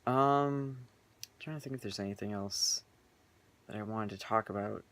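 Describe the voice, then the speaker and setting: A young man with a fairly low, slightly bright voice vlogs casually from his bedroom at normal speed. His personal vlog is earnest and rambling, thick with filler words.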